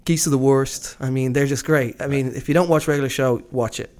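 A man's voice: medium pitch, steady tone, fairly quick, a little mellow. A man from Britain co-hosting a casual conversation. He rambles enthusiastically, restarting sentences and leaning on fillers. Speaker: podcast co-host. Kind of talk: casual chat.

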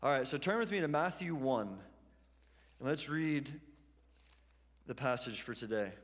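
A man's voice: mid-range voice, expressive, unhurried. A man preaching a sermon to a church congregation, telling stories in a conversational way. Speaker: pastor. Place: church hall. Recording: long hall reverb.

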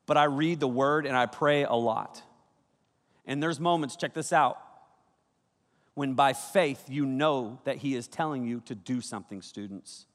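A man preaching a youth sermon, energetic and conversational, with sudden loud bursts. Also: medium pitch, unhurried. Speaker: youth pastor. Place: large auditorium. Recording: reverberant hall.

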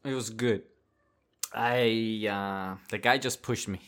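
A man hosting a podcast who tells a personal story in a casual, animated way and laughs often as he talks. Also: lowish voice, slow, clean tone. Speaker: podcast host.

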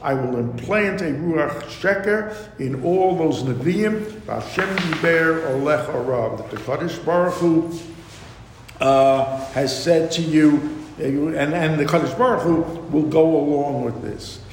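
Male teacher, slightly higher voice, slow and deliberate, reads verse then explains, echoey hall with faint rumble. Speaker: Torah teacher. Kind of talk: lecture on scripture.

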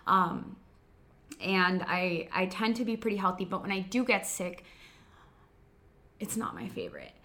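A woman's voice: lowish voice, big pitch swings, unhurried, pauses often, fairly bright tone. A young woman co-hosting a live chat, talking casually with many fillers and easy laughs. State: recovering from a cold. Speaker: co-host.

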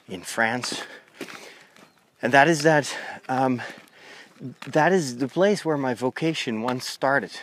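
A male priest chatting on the move, his mid-range voice easygoing and rambling with lots of restarts. He records outdoors on a country path with a lavalier clipped to his phone, and a faint hiss of noise sits underneath. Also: mid-range voice. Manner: rambling, conversational, with frequent restarts. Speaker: Catholic priest and podcaster. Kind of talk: chatty walking podcast monologue. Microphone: lavalier mic on a phone.

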